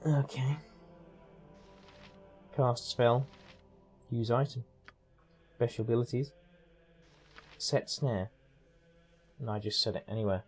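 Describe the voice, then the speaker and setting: A man's voice: medium pitch, takes it slowly, pauses often, breathy edge, faint music behind. Chatty man rambling over gameplay. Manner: chatty, rambling, self-interrupting. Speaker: gaming streamer. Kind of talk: casual let's-play commentary.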